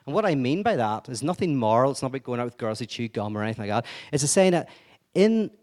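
A man giving an energetic, digressive lecture-style talk, full of wry asides and restarts. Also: medium pitch, fast talker.

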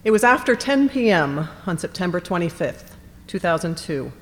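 Middle-aged woman, lower voice, measured storytelling, long hall reverb. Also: big pitch swings. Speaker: education professor. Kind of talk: prepared personal testimony.

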